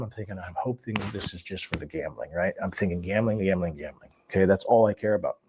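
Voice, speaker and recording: A man with a low, husky voice recounts his past in an interview. He talks in an animated way, swearing freely and laughing through the tense parts. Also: fast talker, hardly any pauses. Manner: animated, profane, laughs while telling. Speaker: guest telling his life story. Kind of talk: storytelling interview.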